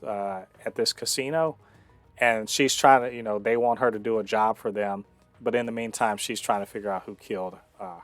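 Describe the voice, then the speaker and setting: Man reviewing a show, slightly low pitch, halting with lots of fillers, dry close sound. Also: no echo. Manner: halting, many fillers and restarts, enthusiastic. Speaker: show host reviewing a TV episode. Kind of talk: casual review monologue.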